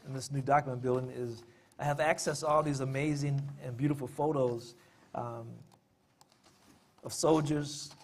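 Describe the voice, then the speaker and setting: Slightly rough and a bit high, the man's voice carries a casual public talk on his family history and poetry. He often says "uh" and slips in dry jokes that poke fun at himself.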